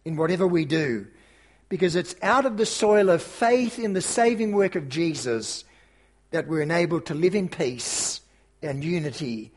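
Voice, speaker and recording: A man preaching a sermon to his congregation, then leading a prayer, in an earnest, emphatic way. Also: fairly high pitch. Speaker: pastor.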